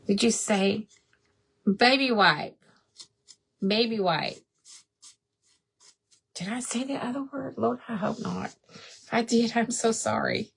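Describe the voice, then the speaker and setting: A woman's voice: on the high side, unhurried, vocal fry, long pauses, breathy edge. A woman hosting a craft livestream, chatting casually, laughing often and answering viewers by name. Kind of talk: casual live chat while crafting.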